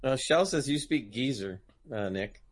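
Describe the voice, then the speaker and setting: A man's voice: medium pitch, animated, unhurried. Rambling man on a stream chat. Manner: rambling, talks over others, laughs often. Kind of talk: casual chat on a live stream.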